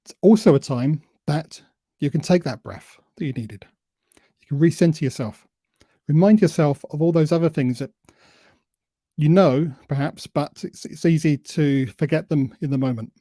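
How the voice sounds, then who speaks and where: A man giving a presentation on public speaking, who admits he tends to talk too fast and deliberately varies his pace and emphasis. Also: on the high side, warm tone, dry recording. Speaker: invited speaker.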